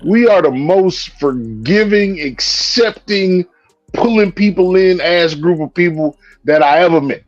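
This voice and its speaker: A man's voice: sits high, animated, unhurried, dry recording, muffled recording. A man co-hosting a casual chat, making points with emphatic lists of words. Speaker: podcast co-host.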